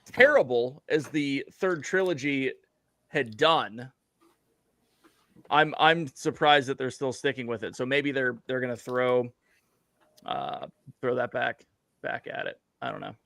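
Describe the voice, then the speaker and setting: A man's voice: mid-range voice, measured pace, gravelly, pauses often, fairly bright tone, dry recording, studio quality. A man co-hosting a podcast in casual chat, opinionated and stammering as he starts his thoughts. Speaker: podcast co-host.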